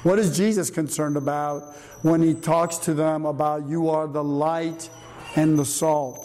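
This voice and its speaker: A man's voice: fairly high pitch, steady tone, a little slow, dark tone, faint music behind. Older male pastor in a reverberant hall. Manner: conversational, asks the room questions. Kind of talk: sermon with audience questions. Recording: long reverb in a hall, faint noise.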